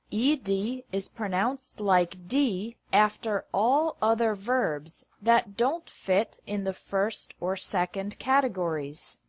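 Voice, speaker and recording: Female pronunciation teacher, very deliberate pace, dry recording, word-by-word delivery. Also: medium pitch, no room sound. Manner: reads word lists one by one with careful pauses. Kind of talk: slow scripted pronunciation lesson.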